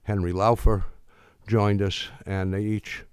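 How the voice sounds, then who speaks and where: A man's voice: on the low side, little pitch movement, slow, clear, resonant tone, no echo. A man giving a public lecture in a conversational, storytelling way, acting out the dialogue he quotes.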